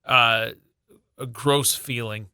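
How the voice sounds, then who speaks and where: A man's voice: mid-range voice, fairly even intonation, slow, sharp tone, clear, resonant tone, no room sound. A man co-hosting a morning radio show in a studio, chatting casually and telling self-deprecating stories with plenty of fillers. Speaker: radio co-host. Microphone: studio microphone.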